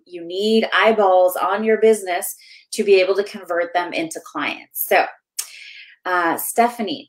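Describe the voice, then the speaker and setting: A woman's voice: medium pitch, poor audio. A woman hosting a members' webinar interview as a business finance coach, speaking enthusiastically and with many fillers.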